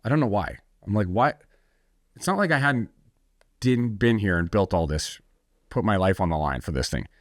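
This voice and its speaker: A podcast guest from the United States tells his story candidly in conversation, a little fast, with a lowish, expressive voice. He's blunt and intense, swears freely, and often restarts sentences; the sound is dry, clean studio audio.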